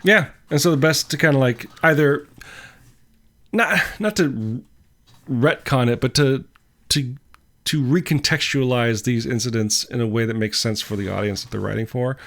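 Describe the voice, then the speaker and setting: Casting: male co-host, mid-pitched, dry jokester, casual chat. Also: moderate pace, fairly bright tone. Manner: wry, jokey, many short backchannels. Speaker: podcast co-host.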